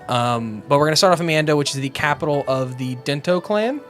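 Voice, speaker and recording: A man's voice: a little high, animated, a little fast, a bit bright, soft background music. A man running a tabletop game as game master, narrating casually with lots of ums and restarts. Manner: casual, rambling, many fillers.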